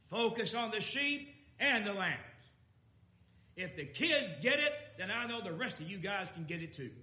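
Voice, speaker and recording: Man, preacher, high animated pitch, folksy emphatic sermon. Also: moderate pace. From Texas. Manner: folksy, emphatic, swings from loud declarations to soft asides.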